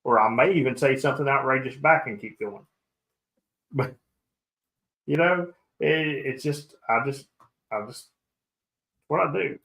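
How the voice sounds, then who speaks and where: A man's voice: mid-range voice, measured pace, vocal fry, long pauses, fairly bright tone, slight background noise, rough recording. A man hosting a casual radio-hobby chat show, talking in a rambling way with frequent restarts. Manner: rambling, self-interrupting. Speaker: podcast host.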